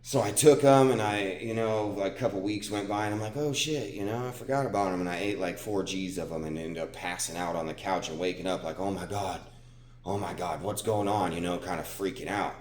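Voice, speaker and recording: A man's voice: low-pitched, quick pace, hardly any pauses, a little mellow. A young man vlogging at the gym, telling a personal story in casual, profane, rambling speech and saying "dude" constantly. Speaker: fitness vlogger. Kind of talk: casual confessional talk. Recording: echoey gym room.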